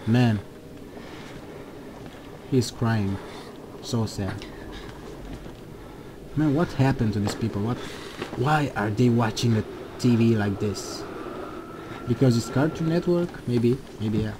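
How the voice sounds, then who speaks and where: A man hosting a let's play of a horror game, talking along excitedly, jumping at scares and swearing at them. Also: mid-range voice, slow pace, pauses often, background noise. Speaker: gaming channel host.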